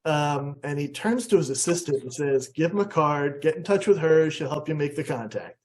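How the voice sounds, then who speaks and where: An American man giving a storytelling presentation, animated and jumping up high in pitch when he acts out what people said. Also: moderate pace. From USA. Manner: animated, acts out quotes with big pitch jumps. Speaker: guest speaker.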